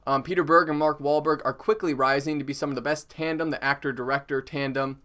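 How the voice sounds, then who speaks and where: A man's voice: a little high, steady tone, fast, bright, forceful tone. Chatty young man reviewing a movie. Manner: chatty, full of "like" and "um" fillers. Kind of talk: casual online movie review.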